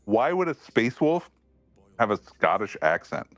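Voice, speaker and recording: A man's voice: medium pitch, sing-song, measured pace, a bit bright, no echo. A man from Alaska co-hosting a podcast in casual banter, blunt and swearing, rattling off nerdy animal facts. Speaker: podcast co-host.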